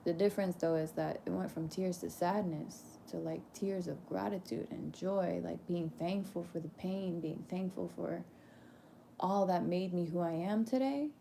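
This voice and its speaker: A woman's voice: fairly low pitch, normal speed, vocal fry, warm tone, a little hiss or hum. A woman performer speaking candidly and casually to her audience, emphatic and preachy, laughing often, swearing and using casual slang.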